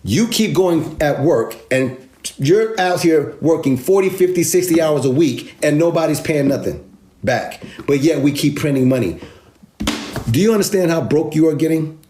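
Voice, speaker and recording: A finance video host delivers an animated explainer rant about money: emphatic, sarcastic, and street-casual, with lots of repetition. His voice is a little high and mellow at a moderate pace, and the echoey room recording carries a little hiss or hum.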